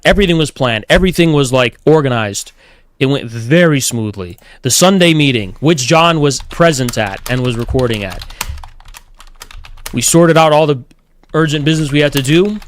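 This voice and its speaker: A man's voice: fairly high pitch, slight background noise. A man streaming, telling a long story in a blunt, profane manner and quoting others mockingly. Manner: blunt, swears a lot, quotes others mockingly. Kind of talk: casual storytelling.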